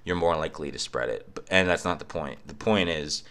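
A man's voice: rumbling low, a little fast, a bit bright. A young man on a cheap microphone at home in his apartment, ranting casually with a profane, sarcastic edge. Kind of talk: casual rant.

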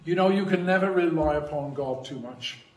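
A man preaching a sermon in a church, measured and emphatic, leaning hard on key phrases. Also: fairly high pitch. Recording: echoey church hall, mic at a distance.

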